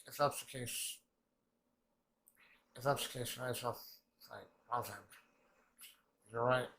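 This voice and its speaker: Gravelly man rambling through a reaction. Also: mid-range voice, steady tone, fairly bright tone, a little hiss or hum. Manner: rambling, halting, swears often. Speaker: anime reaction channel host. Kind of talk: casual reaction commentary.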